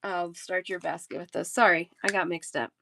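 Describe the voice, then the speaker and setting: A woman's voice: on the low side, steady tone, normal speed, creaky, background noise. A woman in her thirties, a talkative and giggly live-stream bead seller chatting casually with her viewers.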